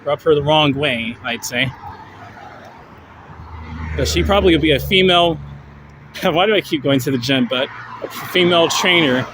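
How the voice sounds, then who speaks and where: A man hosting a casual evening walking livestream, rambling and laughing as he reads out viewers' comments. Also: on the high side. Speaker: livestream host. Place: outdoors on a street walk in the evening. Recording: outdoor stream with loud traffic noise.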